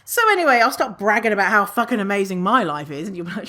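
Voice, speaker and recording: A woman hosting a solo podcast in a casual, animated way. She swears freely, laughs often and acts out other people's imagined thoughts. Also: mid-range voice, fast, hardly any pauses. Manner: laughs often at her own remarks. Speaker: podcast host.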